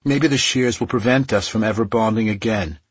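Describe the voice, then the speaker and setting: A man reading the lines of a bitter, defiant young immortal woman in clipped, cold retorts, in a husky voice. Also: lowish voice, moderate pace, no room sound, voice pushed up.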